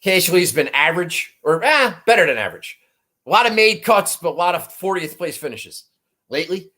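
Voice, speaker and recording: A man with a notably high-pitched voice runs through his golf betting picks in loose, rambling chat. He swears freely and mocks himself as he goes. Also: sing-song, fairly quick, bright, forceful tone. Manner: profane, rambling, self-mocking. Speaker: golf betting podcast host. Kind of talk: casual chat.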